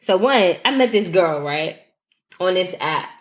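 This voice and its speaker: A woman's voice: lowish voice, expressive, a little slow. A young woman hosting a podcast, telling loose, profane stories in casual chat, a bit hungover. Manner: loose, profane storytelling with laughs. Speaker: podcast host.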